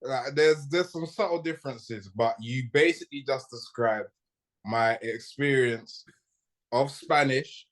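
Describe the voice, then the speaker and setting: A young man talks casually on a podcast in a mid-range voice. His delivery is relaxed and slangy, and his voice leaps up in pitch when he gets excited. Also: measured pace. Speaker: podcast co-host. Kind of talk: casual chat.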